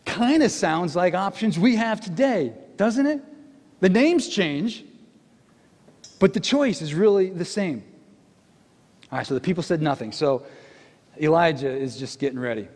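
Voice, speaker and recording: A man's voice: high voice, animated, a little slow, pauses often, darkish tone. A man preaching a sermon, telling the story with jokes and acted-out quotes. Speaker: pastor. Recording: long reverb of a large hall.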